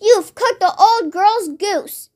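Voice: extremely high pitch, takes it slowly, a little mellow, voice pushed up. A child reading aloud and voicing a frantic mother who shrieks and wails in panic. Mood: panicky. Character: frantic fussing mother, woman in her forties.

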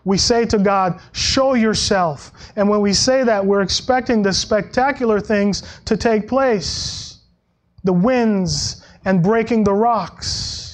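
A male pastor preaching a sermon in a conversational way, with frequent restarts and soft laughs, and dropping his voice when he quotes scripture. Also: slow. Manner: acts out Bible quotes in a lower voice.

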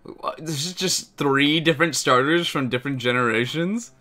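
A young man doing a live reaction, excitable and breaking into shouts. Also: a little high, normal speed. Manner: excitable, shouts and laughs in bursts. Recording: faint music in the background.

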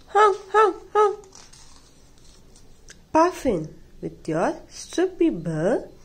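Slow, lively woman reading a storybook. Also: medium pitch. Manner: sing-song, playful, imitates animal sounds. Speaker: storybook reader. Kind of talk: reading a children's picture book aloud.

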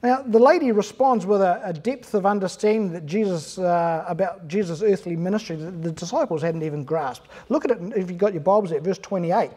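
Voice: mid-range voice, brisk, few pauses, dark tone, husky. A pastor preaching an earnest, emphatic sermon in church, asking the congregation rhetorical questions.

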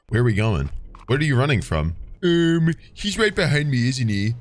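A man's voice: medium pitch, very animated, moderate pace. A man gaming with friends, chatting in a teasing, mock-offended way. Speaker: gamer. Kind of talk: playful voice chat while gaming.

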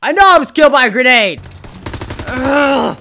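A man giving excitable let's play commentary, yelling and repeating words in bursts, a bit hoarse from shouting. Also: extremely high pitch, normal speed, a little hiss or hum. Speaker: gaming video creator. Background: game music and gunfire.

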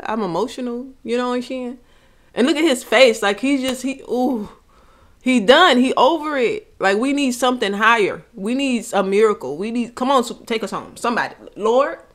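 A woman's voice: fairly high pitch, lively intonation, moderate pace, pushed and bright. A woman hosting a reaction video, talking emotionally and exclaiming back at the song. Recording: music playing behind.

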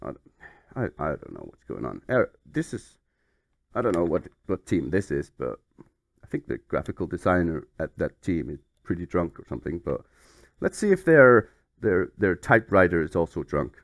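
A man's voice: sits low, wildly swooping pitch, normal speed, vocal fry, no room sound, studio quality. A man hosting a comedic game playthrough, playful and mock-flustered as he rambles along. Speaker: YouTube gaming host.

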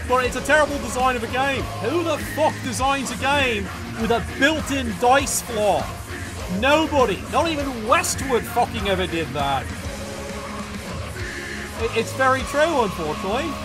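Male streamer, high-pitched, exasperated sarcastic game commentary, lots of swearing. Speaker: gaming streamer. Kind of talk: ranting live game commentary.

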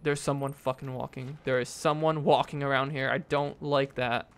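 A man's voice: medium pitch, level tone, moderate pace, clear, resonant tone. A young man commentating a horror game, nervous and jumpy, talking to viewers with lots of fillers and frightened exclamations. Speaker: gaming YouTuber. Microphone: desk mic with face cam.

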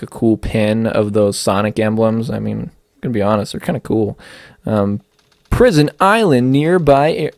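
A young man casually commenting on his gameplay, rambling and joking with lots of fillers. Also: dry recording. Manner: rambling, filler-heavy, jokey, puts on silly high voices. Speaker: let's play host.

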